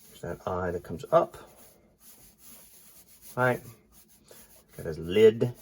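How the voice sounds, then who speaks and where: Slow and slightly rough, this low-voiced man speaks through a stuffy nose while he draws. He muses aloud about his work and keeps drifting into quiet mumbles.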